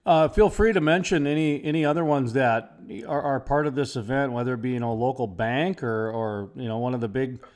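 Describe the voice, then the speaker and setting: A man's voice: mid-range voice, a little fast, few pauses, darkish tone. A man hosting a radio interview, chatty and rambling, who jokes about himself. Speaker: radio host.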